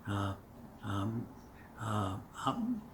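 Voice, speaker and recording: An older man telling his memories in an oral history interview, halting with many fillers and restarts, chuckling now and then. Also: on the low side, very animated, fairly bright tone. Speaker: veteran interviewee. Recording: echoey room, distant mic, faint noise.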